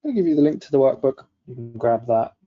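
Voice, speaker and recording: A man's voice: mid-range voice, expressive, quick pace, dull audio, soft background music. A man hosting a live online coaching session, upbeat and chatty, reading out viewers' comments as he goes. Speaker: webinar host.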